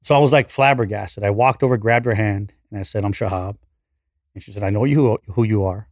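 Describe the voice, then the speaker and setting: Fast-talking man in his forties telling a story. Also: on the low side, dry recording, studio quality. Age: 40s. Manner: animated, profane, self-deprecating storyteller. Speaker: podcast guest. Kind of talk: casual storytelling.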